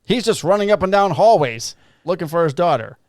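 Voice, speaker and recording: A man's voice: high voice, animated, a little fast, a little mellow, dry recording, studio quality. Middle-aged man telling a profane story. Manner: rambling, profane anecdote telling. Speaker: podcast co-host, police officer. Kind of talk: casual storytelling chat.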